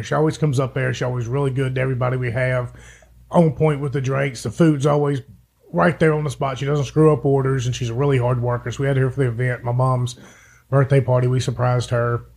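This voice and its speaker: Gravelly Appalachian man, dry humor. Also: medium pitch, darkish tone. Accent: Appalachian American. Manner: dry joking, folksy. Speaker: podcast co-host. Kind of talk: casual chat.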